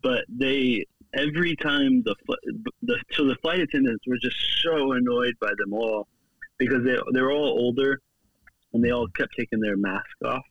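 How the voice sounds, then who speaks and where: A young man chatting casually, rambling through travel stories with laughs and quick impressions. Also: mid-range voice, no room sound, highs cut off. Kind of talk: casual chat.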